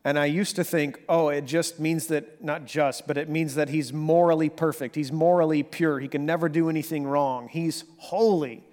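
A fairly high-voiced man delivers a sermon as a pastor, sliding from hushed, slow reflection to lively, emphatic bursts. His voice rings out with a long reverb tail, as in a church sanctuary. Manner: dynamic preaching, drops to near whisper then rises to animated emphasis.

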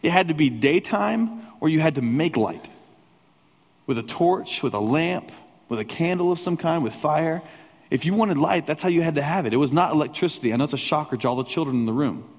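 A man's voice: fairly high pitch, expressive, brisk. A male pastor preaching a sermon in a church, telling a personal story in a conversational way with humorous asides. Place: church sanctuary with a congregation. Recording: long hall reverb.

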